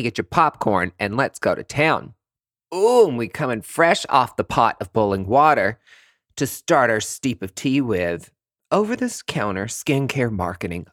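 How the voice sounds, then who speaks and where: A man's voice: medium pitch, a bit bright, no echo, studio quality. Sassy campy male podcast host. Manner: sassy, campy, swooping emphasis. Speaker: podcast host and aesthetic provider. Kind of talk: casual monologue.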